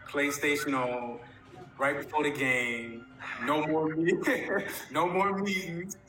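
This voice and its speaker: A man co-hosts a casual talk show and asks easygoing questions. His voice sits a little high. The sound is roomy, with clear music running underneath. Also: steady tone, slow. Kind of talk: casual chat.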